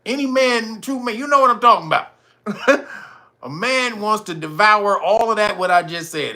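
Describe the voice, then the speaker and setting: A man's voice: high-pitched, moderate pace, pushed and bright. A man hosting a casual commentary show, crude and joking, laughing often as he talks.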